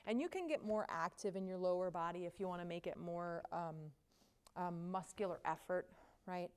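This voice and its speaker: Breathless, smooth-voiced woman teaching yoga. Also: on the low side, fairly quick. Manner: casual, chatty cues with frequent "right?". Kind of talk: guided yoga class instruction.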